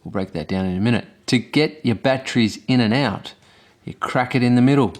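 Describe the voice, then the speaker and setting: A man's voice: mid-range voice, a little fast. A man with a broad Australian accent hosting a casual product review, swearing constantly and laying on heavy slang. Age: adult with children. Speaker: host of a vape hardware review show.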